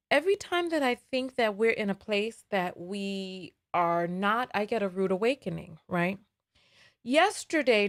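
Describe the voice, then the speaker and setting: A woman with a thick New York accent delivers a frank, emphatic commentary as host of her own show. She sounds tired, stumbles and restarts her sentences, and stays in an everyday mid-range register. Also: medium pitch. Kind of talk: commentary monologue.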